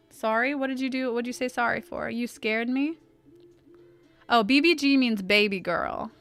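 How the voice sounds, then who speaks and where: Bright-voiced woman chatting while she draws. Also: fairly high pitch, brisk, clean tone. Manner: thinks aloud and answers chat. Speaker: artist streaming a drawing session. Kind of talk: casual chat while drawing.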